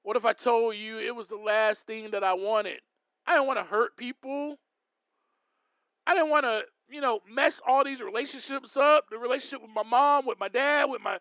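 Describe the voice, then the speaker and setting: Emphatic high-voiced man preaching to listeners. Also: clean tone, dry recording, studio quality. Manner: emphatic, preacher-like, with sudden loud bursts; addresses listeners directly as friends. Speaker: podcast host. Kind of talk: faith-based podcast monologue.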